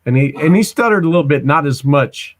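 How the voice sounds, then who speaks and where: A man's voice: fairly high pitch, animated, fairly quick, slight background noise. A man in his forties from Missouri, telling casual stories as a guest, rambling with restarts and stammers. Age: 40s. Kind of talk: casual storytelling.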